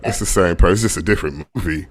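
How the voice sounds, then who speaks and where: A middle-aged man with a deep voice, telling a laid-back stand-up set over a video call and laughing at his own jokes. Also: very fast. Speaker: stand-up comedian.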